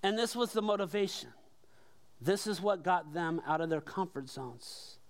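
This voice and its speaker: A man's voice: sits high, normal speed. A man preaching a sermon as pastor, conversational and emphatic, with rhetorical questions to the congregation.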